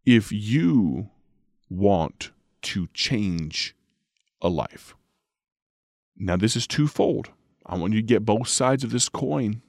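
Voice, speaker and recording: Slow, low-voiced radio preacher man. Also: lively intonation, creaky, no room sound, studio quality. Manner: slow, measured, drawn-out emphasis on key words. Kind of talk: radio Bible teaching, scripture reading.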